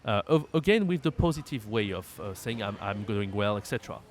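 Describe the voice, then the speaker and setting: A man's voice: on the low side, animated, a little fast, a little hiss or hum. A man with a French accent teaching French in an online lesson, repeating phrases aloud and explaining them with many fillers.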